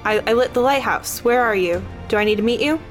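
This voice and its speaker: A woman playing a tabletop game, describing her moves in a slow, deliberate way. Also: a little high, soft background music. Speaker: player.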